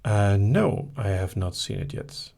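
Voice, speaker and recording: A man's voice: on the low side, lively intonation, unhurried, creaky, mellow. A man hosting a casual live-stream Q&A, reading out listener questions and answering them briefly with light laughs. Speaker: hypnosis host.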